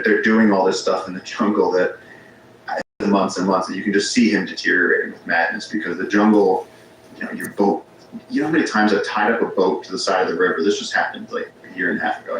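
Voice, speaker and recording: A man's voice: sits low, fairly bright tone. A man, a podcast guest, telling rambling stories in casual conversation, often restarting his sentences. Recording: very echoey room with faint ambience noise.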